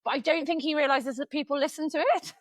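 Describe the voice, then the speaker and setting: A woman's voice: sits high, fairly even intonation, fast, dry recording. A woman in her forties co-hosting a podcast, telling stories in casual chat and swearing freely. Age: 40s. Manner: chatty storyteller, swears freely. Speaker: podcast co-host.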